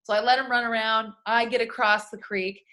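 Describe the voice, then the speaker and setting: A woman's voice: fairly high pitch, brisk. A young woman co-hosting a podcast, telling a story in casual chat, swearing freely and acting out what everyone said. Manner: profane, animated storytelling. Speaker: podcast co-host.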